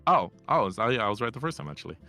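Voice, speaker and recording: Cocky man, bright voice. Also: medium pitch, sing-song, racing, gravelly, faint music behind. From Ireland. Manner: cocky, teasing storyteller. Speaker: collab guest streamer. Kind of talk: casual chat.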